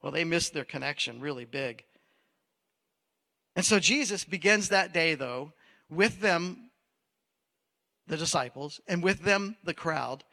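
A man preaches a sermon in a loose, conversational way and keeps turning to the congregation with questions. His voice sits high and sounds bright and forceful. Long reverb trails behind him, as from a big hall. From Maine. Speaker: pastor.

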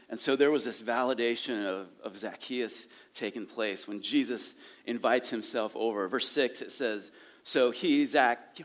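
Guy preaching in church, mid-pitch voice, chatty and animated, reads verses then riffs on them. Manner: animated and conversational, reading scripture aloud with asides and laughs. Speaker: pastor. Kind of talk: sermon. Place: church sanctuary.

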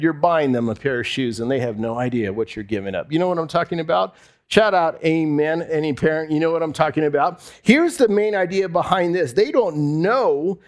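A man preaching a sermon to a congregation, conversational, repeating phrases and asking the room questions. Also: on the high side. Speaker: pastor. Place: church hall before a congregation.

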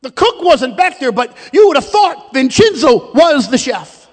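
A man preaching with emphatic, storytelling delivery, stumbling over repeated words as he drives his point. His voice sits high for a man and carries a long reverb from a large hall. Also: big pitch swings, a little slow. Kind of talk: sermon.

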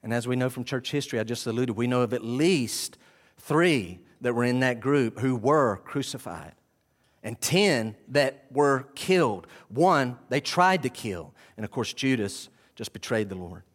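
A man preaching a sermon to his congregation, animated and full of questions to the room. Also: medium pitch, measured pace. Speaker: pastor. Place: church sanctuary with congregation.

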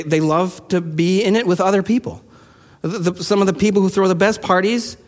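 A man preaching a sermon, his voice sitting high for a man. He talks to the congregation conversationally and turns animated when telling stories. The sound carries a long reverb tail from the church hall. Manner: conversational, animated storytelling with rising intensity. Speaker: pastor.

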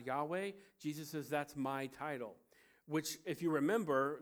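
Male pastor, 30s, from Ohio; casual, joking sermon delivery, mid-pitched voice. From Cincinnati, Ohio. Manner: conversational, joking asides.

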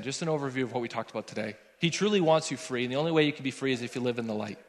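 A man's voice: mid-range voice, racing, few pauses. A young man, a worship leader, preaching a sermon and telling a personal story, acting out the dialogue with animation. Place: church sanctuary. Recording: long church hall reverb.

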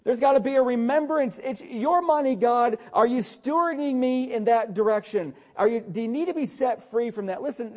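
A middle-aged male pastor delivers a sermon with a noticeably high voice. His tone is mellow rather than bright. He exhorts his listeners with urgency, repeatedly calling them to listen. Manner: urgent, exhorting preacher who often says "listen".

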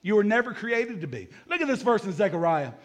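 A man preaching a sermon as pastor, energetic, repeating key words and joking with the congregation. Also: sits high, fairly quick.

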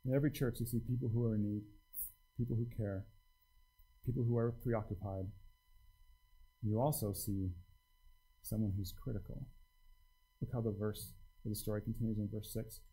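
Animated pastor, warm low tone. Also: male voice, normal speed, long pauses, rough recording. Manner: conversational, animated preaching with restarts. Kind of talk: sermon.

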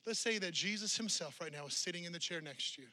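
A man's voice: high-pitched, expressive, fast talker, sharp tone. A male pastor preaching a sermon to a congregation in a church, driving his point home with strings of repeated rhetorical questions.

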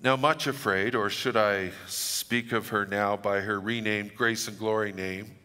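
A man's voice: on the low side, steady tone, a little slow, pushed and bright, big-room sound. A middle-aged man preaching a sermon, telling stories with humor and reading scripture dramatically. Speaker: pastor.

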